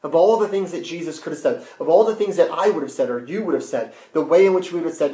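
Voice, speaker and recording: A man preaching a sermon with rhetorical questions and sudden hushed drops. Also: on the high side, fast talker, hardly any pauses. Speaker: pastor. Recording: roomy echo.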